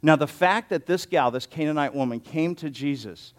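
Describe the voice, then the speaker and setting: A man's voice: fairly high pitch, moderate pace. A man preaching an expository sermon as a pastor, conversational and given to joking asides.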